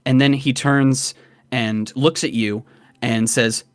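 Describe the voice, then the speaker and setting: A man's voice: mid-range voice, takes it slowly, clear, resonant tone, no room sound, clean studio sound, faint music behind. Man narrating as dungeon master. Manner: descriptive, relaxed, hedging with filler words. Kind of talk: narrating a tabletop game.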